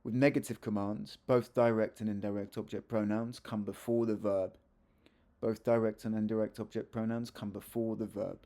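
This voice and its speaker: A man's voice: fairly low pitch, little pitch movement, moderate pace, mellow. A man teaching a video grammar lesson, chatty and self-correcting, with joking asides as he explains. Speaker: Spanish teacher.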